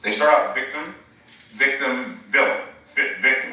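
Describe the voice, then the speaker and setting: Guy preaching on a livestream, bright voice, keeps throwing questions at you, super echoey room. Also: medium pitch, flat delivery, measured pace, far from the mic. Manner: emphatic, rhetorical questions to the viewer. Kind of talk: live-streamed sermon.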